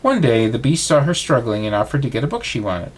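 A man reading a bedtime storybook aloud, with expressive reading. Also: medium pitch, fast talker, slightly rough.

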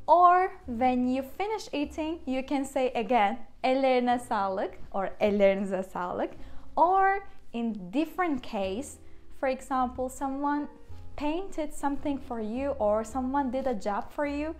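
A woman's voice: high voice, animated, a little slow, darkish tone. Upbeat Turkish-accented woman teaching phrases. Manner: chatty and upbeat, explains with examples. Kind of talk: casual video lesson.

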